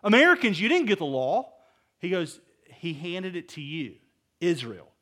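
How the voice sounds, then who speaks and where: A middle-aged male pastor preaching a sermon, emphatic, swinging between loud stresses and hushed asides and putting rhetorical questions to his listeners. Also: sits high, sing-song, moderate pace. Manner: asks the audience rhetorical questions.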